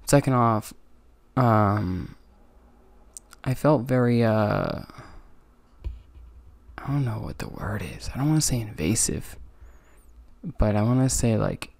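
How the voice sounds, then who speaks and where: A man's voice: fairly low pitch, takes it slowly, creaky, long pauses. A tired young man hosting his own podcast, rambling casually with lots of ums and self-critical asides. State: tired, yawning. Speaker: podcast host. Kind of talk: casual solo podcast review.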